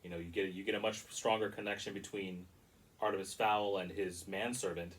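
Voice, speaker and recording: Male film reviewer, low-ish voice, chatty and critical, stumbles and restarts, mic set back from him. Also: fairly even intonation, fairly quick, far from the mic, over music, rough recording. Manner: rambling, critical, frequent restarts. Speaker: movie reviewer. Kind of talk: casual spoken review.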